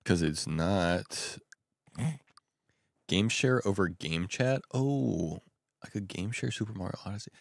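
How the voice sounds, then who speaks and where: A young man rambling excitably in casual chat at home at night. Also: low voice, slow pace, gravelly, pauses often, dry recording, clean studio sound. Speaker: vlogger.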